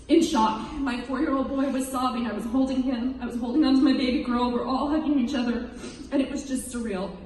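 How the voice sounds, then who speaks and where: A woman in her thirties gives a personal testimony speech, her somewhat high voice darkish in tone, fairly quick and fairly even in intonation, yet earnest and emotional. Heard from a distance, she echoes through a big hall with a long reverb tail, a faint hiss underneath.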